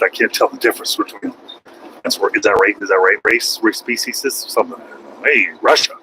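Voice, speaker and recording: An American truck driver and streamer chats casually on a livestream from his cab on the highway. His fairly low voice has a breathy edge, and the audio is poor. He rambles and jokes, breaking into loud outbursts.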